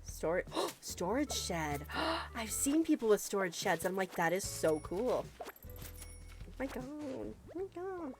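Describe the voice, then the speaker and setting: A woman chatting casually with viewers during a live game stream, excitable and quick to gasp and laugh. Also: medium pitch, faint music behind. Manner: excitable, gasping and laughing often. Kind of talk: casual live-stream chat while gaming.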